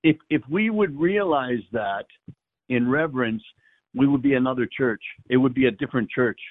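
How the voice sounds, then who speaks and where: A man, a priest, reflecting on the Mass in a halting way, often repeating words as he searches for them. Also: medium pitch, no room sound. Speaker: priest guest. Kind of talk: reflective conversation on faith. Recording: dry tinny phone-like line.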